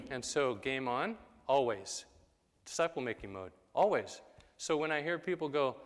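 Casual preacher in a reverberant hall. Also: male voice, medium pitch, very animated. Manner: conversational, acts out quick quoted voices. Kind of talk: sermon.

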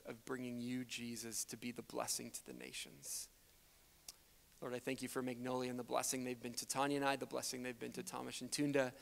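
A man's voice: mid-range voice, vocal fry. Canadian-raised male missionary preaching, earnest and emphatic, in a reverberant church hall. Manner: earnest, builds to emphatic peaks. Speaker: missionary speaker. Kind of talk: sermon with closing prayer. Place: church sanctuary.

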